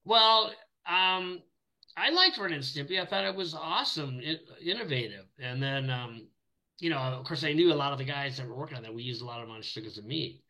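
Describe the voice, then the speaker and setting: A man's voice: on the high side, lively intonation, a little fast, pushed and bright, rough recording. A middle-aged man, an animator, chatting casually in an interview and telling rambling anecdotes with many restarts. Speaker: animator guest.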